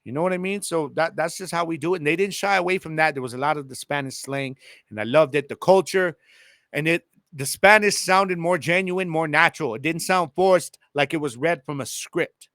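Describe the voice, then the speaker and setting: A man hosting a casual solo podcast with a Chicano English accent, talking to his listeners in a lively, slangy way. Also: a little high, brisk, no room sound, clean studio sound. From El Paso, Texas. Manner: animated, slangy, addresses listeners directly. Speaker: podcast host.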